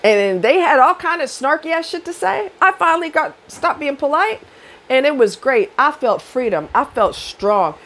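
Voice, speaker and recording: A middle-aged woman giving dating advice in a blunt, profane monologue to camera, rising loud and high when she rants. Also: big pitch swings, normal speed.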